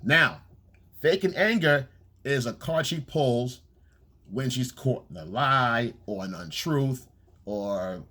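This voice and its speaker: Blunt, husky-voiced male dating coach. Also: medium pitch, lively intonation, slow pace, sharp tone. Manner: blunt and profane, keeps checking in with "okay?". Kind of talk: casual coaching monologue.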